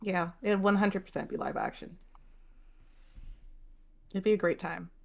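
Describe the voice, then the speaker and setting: Casting note: female book club host, relaxed chat, mid pitch, easygoing and hedging. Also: unhurried, vocal fry. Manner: chatty, hedging, laughs easily. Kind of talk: casual chat.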